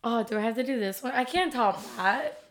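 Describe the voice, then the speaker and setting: A woman's voice: fairly high pitch, a little fast. A young woman co-hosting a casual podcast, giggling often and saying "like" and "okay" a lot. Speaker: podcast co-host. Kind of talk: casual chat.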